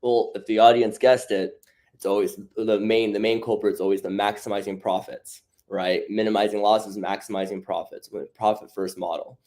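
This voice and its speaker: A man's voice: lowish voice, little pitch movement, normal speed, darkish tone. A man co-hosting a business podcast, explaining things at length and tagging his points with "right?" and "you know". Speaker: podcast co-host. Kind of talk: casual podcast discussion.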